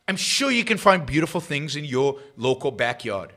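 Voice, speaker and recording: Bright, sarcastic man hosting a talk show. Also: a little high, very animated, normal speed, hardly any pauses. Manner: sarcastic, rambling, mocking asides; swings between loud emphasis and quiet mutters. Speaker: host of a political talk show. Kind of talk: livestream commentary.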